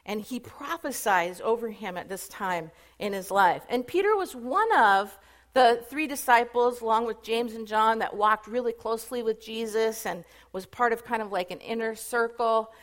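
A woman retelling Bible stories in a casual, chatty sermon, animated and full of fillers. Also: fairly high pitch, normal speed. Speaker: Bible teacher.

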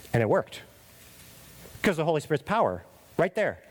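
A middle-aged man preaching a sermon as pastor, confessional and emphatic, tagging points with "right?" and dropping to a quiet, earnest voice in prayer. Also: a little high, sing-song, normal speed, long pauses.

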